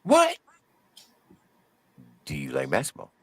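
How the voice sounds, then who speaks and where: Man playing huge calm inmate, very soft-spoken, low and quiet. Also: a little fast, vocal fry, no echo, full character voice. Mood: eerie calm.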